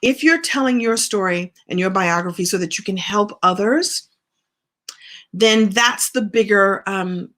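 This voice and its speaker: Unhurried and fairly bright, her mid-range voice carries a casual live stream where she, a middle-aged business and writing coach, answers viewer comments. She comes across as chatty and encouraging.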